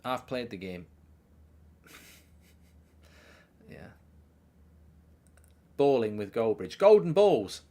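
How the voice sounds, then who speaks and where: A man hosting a live football watchalong stream in a loose, rambling way. He mocks himself, riffs on ideas and reads out messages from viewers. His voice sits at a middle pitch and often sinks to a quiet mumble. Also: big pitch swings, drawn-out words, long pauses. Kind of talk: casual live commentary and chat reading.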